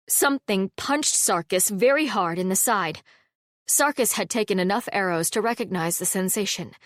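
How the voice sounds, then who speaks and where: A woman narrates a fantasy audiobook in a steady, wry storytelling voice at a middle pitch. Her close mic picks up a dry studio sound with no room echo. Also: normal speed. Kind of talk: scripted narration.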